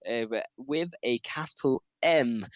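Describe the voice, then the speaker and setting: A man casting an esports livestream, chatty and quick to laugh, reading out giveaway details and team lineups. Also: mid-range voice, dry recording. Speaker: esports caster.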